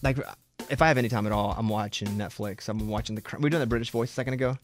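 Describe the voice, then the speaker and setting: Fast-talking radio host man. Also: on the low side, steady tone, faint music behind. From Arkansas. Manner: chatty, quick, steering the conversation. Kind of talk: casual studio chat. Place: radio studio. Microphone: studio microphone.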